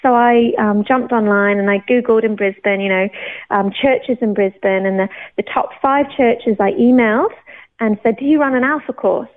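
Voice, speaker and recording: A woman from England, telling her personal faith testimony in an animated way, laughing often and acting out her own thoughts. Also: on the high side, moderate pace. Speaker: churchgoer sharing her testimony. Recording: tinny phone-like sound.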